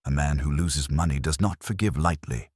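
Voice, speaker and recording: Man reading shrewd detective, courteous, deep husky voice, dry. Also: normal speed, darkish tone, dry recording. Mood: probing. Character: shrewd older male detective, polite.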